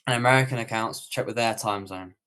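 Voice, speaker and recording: A man's voice: fairly low pitch, fairly quick, pushed and bright. A man with a British accent answering viewer questions on a livestream tutorial, in a casual, rambling way with many fillers and restarts. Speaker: online coach.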